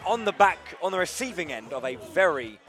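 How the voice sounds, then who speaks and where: A man's voice: high-pitched, very animated, fairly quick, a bit bright. A man co-commentating a live fighting-game match, jokey, laughing often and tripping over his words. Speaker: esports co-commentator. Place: tournament venue with crowd. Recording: crowd and music behind.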